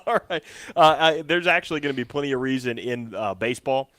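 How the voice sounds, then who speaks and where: A man's voice: medium pitch, quick pace, a bit bright. A man hosting a sports show, talking in an easygoing, casual way with a dry, amused tone. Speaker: host.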